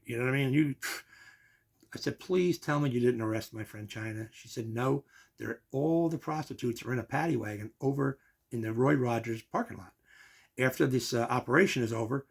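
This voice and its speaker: A man's voice: medium pitch, vocal fry, slightly rough. An older man, telling a long personal story and acting out the quoted voices.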